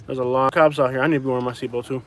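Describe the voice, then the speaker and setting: A man's voice: mid-range voice, fairly even intonation, racing, a bit bright. A man from Florida rambling in casual chat while driving, talking to viewers and his passenger. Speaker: vlogger. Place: car.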